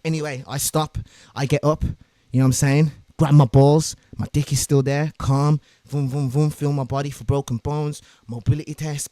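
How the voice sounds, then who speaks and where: A young man telling a wild story as a streamer, swearing, shouting and making sound effects as he goes. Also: on the high side, fairly even intonation, normal speed, no room sound. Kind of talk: animated storytelling.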